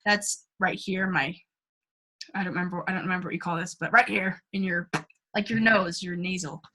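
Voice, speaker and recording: A woman's voice: fairly low pitch, steady tone, fairly quick, pushed and bright, a little hiss or hum. A young woman casually leading a singing class, chatty and giggly, with lots of ums and likes and short sung demonstrations. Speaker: singing workshop leader.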